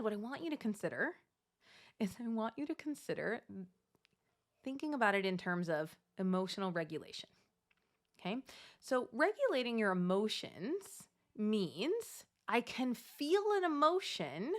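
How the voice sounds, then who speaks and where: A woman in her thirties gives casual advice straight to her listeners. She talks at a middle pitch and gets animated, jumping high when she acts out the voice in her head. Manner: animated, acts out inner self-talk with big pitch jumps. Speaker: Catholic mom coach. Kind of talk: casual advice monologue to camera.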